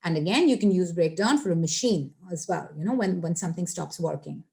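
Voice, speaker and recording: A woman's voice: on the low side, a little fast, creaky, darkish tone. A young woman teaching English phrasal verbs in a chatty, repetitive way, addressing viewers directly. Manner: chatty, repeats points, addresses viewers as guys. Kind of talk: casual online grammar lesson.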